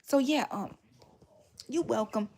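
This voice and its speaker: A woman's voice: fairly high pitch, slow pace, a little mellow, slightly rough. Chatty woman livestreaming from home. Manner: chatty storyteller, thanks viewers for gifts mid-story. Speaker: livestream host. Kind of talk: casual livestream chat. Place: home, near a radiator.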